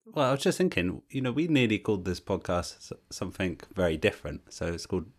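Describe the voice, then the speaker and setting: A man co-hosting a podcast in casual chat, curious and relaxed, asking questions. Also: low-pitched, fast talker. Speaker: podcast co-host.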